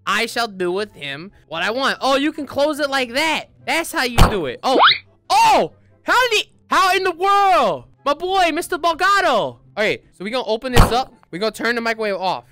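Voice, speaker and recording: A man doing goofy, excited commentary while playing a VR game, with loud outbursts. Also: very high-pitched, moderate pace. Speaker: gaming YouTuber.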